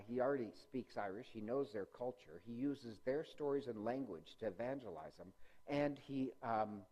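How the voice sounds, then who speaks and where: A man's voice: mid-range voice, a little mellow. Casting: man, parish class teacher, rambling and conversational, lots of ums, light jokes. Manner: rambling, many ums and self-corrections. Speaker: parish religious-education teacher. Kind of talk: informal lecture with slides.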